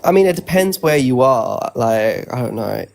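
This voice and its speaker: Man for loose group-chat banter, gravelly texture, teasing, slangy hype talk. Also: mid-range voice, expressive, a little mellow, slight background noise. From outside the US. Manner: chatty, teasing, fast slang. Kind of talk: casual live-stream banter.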